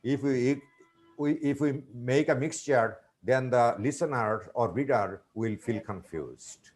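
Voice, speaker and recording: A man with a Bangladeshi English accent answers webinar questions over a video call. His voice sits at an ordinary middle pitch, and his explanations come in patient, reassuring pieces with frequent restarts. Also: takes it slowly, a little mellow, soft background music. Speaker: webinar presenter, English teaching expert.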